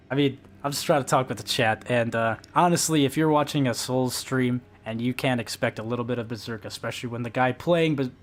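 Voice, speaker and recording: A young man streaming a game live, rambling and swearing as he vents to his chat. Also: mid-range voice. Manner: rambling, profane, emotional venting.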